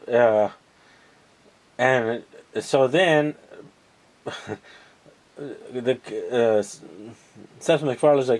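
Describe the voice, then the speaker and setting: A man recapping TV episodes in a casual, rambling way, sarcastic and mocking, halting over many fillers. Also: mid-range voice. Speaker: podcast host recapping TV episodes.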